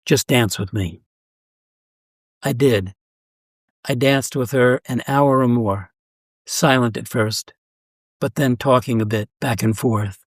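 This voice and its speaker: A man reading a first-person short story aloud in a measured, even storytelling voice. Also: medium pitch, no echo. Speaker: story reader. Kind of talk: scripted narration of a short story.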